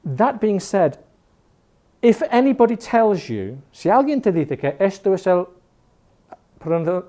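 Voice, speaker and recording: A man in his fifties with an educated Northern English accent teaches an online class in a loose, joking way. His voice sits a little high but sounds warm and mellow. He often stops and restarts mid-sentence. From Northern England. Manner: chatty and jokey, with frequent restarts. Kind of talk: informal online class talk.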